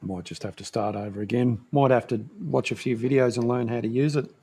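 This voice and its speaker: Host, male, relaxed casual chat, gravelly edge to the voice. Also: medium pitch, brisk. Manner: relaxed, short agreeing replies. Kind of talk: casual chat on a live stream.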